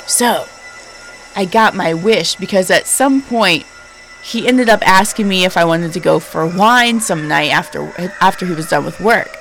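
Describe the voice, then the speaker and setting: A woman podcast host in her thirties tells a story in a lowered, spooky voice. She is chatty, emphatic and full of fillers. Soft music plays faintly behind her. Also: measured pace, poor audio. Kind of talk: casual storytelling.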